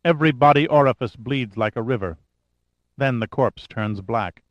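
A man's voice: mid-range voice, moderate pace, dry recording, highs cut off, close to an everyday voice. A man voicing a stern, determined woman scientist who speaks impatiently and sharply in an audiobook.

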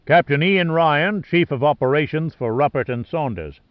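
A man's voice: a little high, normal speed, no room sound, close to an everyday voice. A man voicing a big, ruddy male ship captain who talks in an effusive, exclaiming way. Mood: formal. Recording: dull lo-fi dry recording.

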